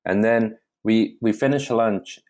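A male comedian telling a story in a casual chat, animated and full of swearing, often restarting his sentences. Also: on the low side, measured pace. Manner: animated, profane, keeps restarting. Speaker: comedian guest.

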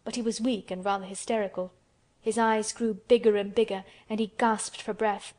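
At normal speed and in a medium pitch, a woman reads a classic children's novel for an audiobook. Her storytelling is gentle and even.

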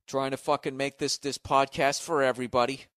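A man hosting his own podcast, delivering a loud, sarcastic comedic rant full of swearing. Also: medium pitch, flat delivery, brisk, dry recording, studio quality. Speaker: podcast host. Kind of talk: profane comedic monologue.

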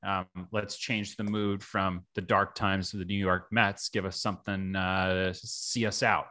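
A man's voice: deep voice, level tone, unhurried, sharp tone. A man hosting a podcast, talking loosely and casually with lots of fillers. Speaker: podcast host.

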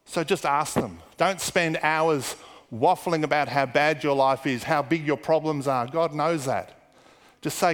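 A man with a fairly high voice preaches a sermon to a congregation, his words ringing with a long reverb through a church hall. He tells stories and lowers his voice into quiet, muttered asides when quoting others. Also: measured pace. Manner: storytelling with hushed, muttered asides for quoted people. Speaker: pastor.

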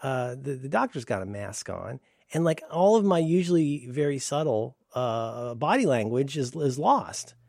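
A middle-aged man rambles through a sardonic, profane story with a lively, swooping delivery. The sound is dry and close, with no room around his voice. He slips into high put-on voices when he quotes people. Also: moderate pace, vocal fry, no room sound. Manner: puts on high voices when quoting staff. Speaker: podcast co-host. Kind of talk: casual chat.

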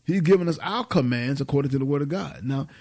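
Husky man preaching with call-and-response. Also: on the high side, fast talker, darkish tone. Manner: call-and-response questions, conversational. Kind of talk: informal sermon.

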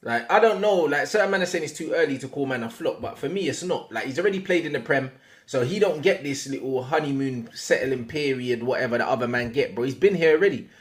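A man's voice: mid-range voice, lively intonation, fast talker. A young man with a London accent, co-hosting a football podcast, giving blunt opinions in slang. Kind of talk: casual chat.

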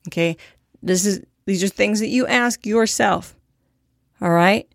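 A woman's voice: mid-range voice, a little slow, creaky, no room sound, clean studio sound. A young woman hosting a podcast in a casual monologue, candid and profane, with a self-deprecating streak. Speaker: podcast host.

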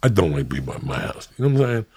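Gravelly, husky man ranting on a podcast. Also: a bass voice, racing. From New Jersey. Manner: profane, animated storytelling with ranting asides. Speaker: podcast host. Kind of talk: casual podcast banter.

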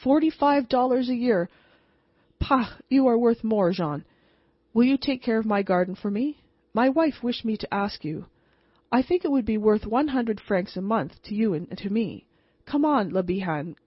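A woman's voice: on the high side, lively intonation, normal speed, slightly rough, no echo, muffled recording, pitched above the performer's own voice. A woman reading the lines of a friendly, wry male American traveler in a first-person story.

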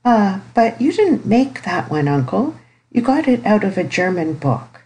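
A woman reading the part of a sharp, skeptical young niece in an audiobook, speaking in an insistent, pert way. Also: medium pitch, sing-song, moderate pace, pitched above the performer's own voice, poor audio.

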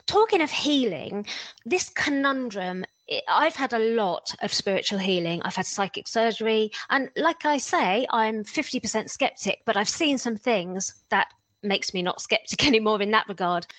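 Woman host asking questions, a bit high, dry close sound. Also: expressive, moderate pace, a bit bright, dry recording, rough recording. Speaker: interviewer. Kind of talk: interview conversation.

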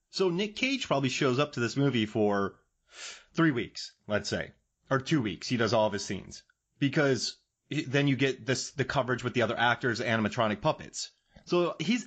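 A man's voice: medium pitch, a bit bright. A man hosting a podcast, chatting casually and enthusiastically about movies. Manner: enthusiastic, fast-riffing movie talk. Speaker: podcast host.

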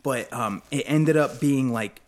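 A young man with a middle-pitched voice, chatting casually on a podcast. He tells stories in a laid-back, rambling way, swearing freely and laughing along. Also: measured pace. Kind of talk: casual chat.

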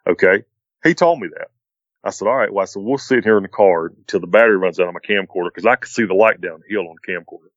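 Very deep middle-aged man telling a rambling story, dull dry recording. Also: quick pace, dry recording. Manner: rambling, repeats "he said" and "I said". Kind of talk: casual spoken retelling of a strange encounter.

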